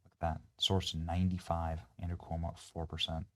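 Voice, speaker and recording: Monotone and fairly quick, with slight background noise, this political show host mocks the clips he reacts to. His scornful, sarcastic commentary swings between loud jeering and low muttering.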